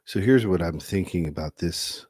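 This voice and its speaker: A man who hosts a podcast and works as a couples therapist, telling a case story in a conversational, animated way. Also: sits low, normal speed, breathy edge, no echo. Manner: animated, laughing easily.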